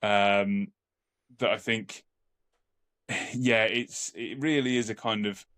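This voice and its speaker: Lowish guy chatting on a podcast, rambly, keeps repeating himself. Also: fairly even intonation, slow pace, a bit bright. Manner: rambling, repeats words while thinking. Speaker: podcast co-host. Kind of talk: casual podcast chat.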